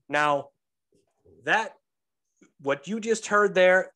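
Animated, swearing dad telling stories. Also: male voice, fairly high pitch, normal speed. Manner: animated, profane, acts out voices in his stories. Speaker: podcast co-host; father of a toddler. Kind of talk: casual storytelling.

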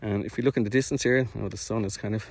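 A man's voice: lowish voice, fairly even intonation, fast, darkish tone, no echo. Chatty man narrating outdoors, a little breathless. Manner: rambling, chatty, self-deprecating, many fillers. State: slightly out of breath from walking. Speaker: orchard project owner streaming drone flights. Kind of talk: casual live-stream vlog narration. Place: outdoors in fields.

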